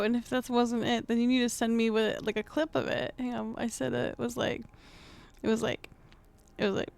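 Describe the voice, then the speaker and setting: A woman's voice: on the high side, brisk, gravelly. Tired, rambling woman streamer. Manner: rambling, thinking aloud with many restarts. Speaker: livestreamer. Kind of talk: casual stream chat.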